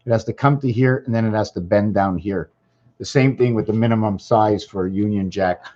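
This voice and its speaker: A man's voice: fairly low pitch, a little fast, dark tone. A man hosting his own casual video, distracted and thinking aloud, repeating himself as he clicks around. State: losing his voice. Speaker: channel host. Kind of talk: rambling casual livestream talk. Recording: dull lo-fi recording.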